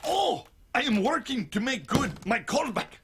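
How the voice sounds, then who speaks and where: An actor playing a big, gentle woodsman and hopeful actor, speaking in a German accent with slow, stiff, formal phrasing. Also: extremely high pitch, very animated, noisy background, exaggerated voice. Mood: earnest. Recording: film soundtrack with loud music behind.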